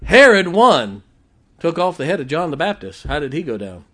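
Pastor preaching with fervor. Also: male voice, fairly high pitch, very animated, normal speed, sharp tone, husky. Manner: preaching with rising emphatic declarations and playful asides. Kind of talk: sermon.

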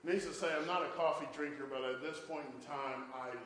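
A man preaches in a sermon, spinning stories and often breaking in with "boy" and "can I tell you this". His voice sits a little high for a man. It rings through a roomy church, with a faint hum of ambience behind it. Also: steady tone, fast, a bit bright. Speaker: pastor.

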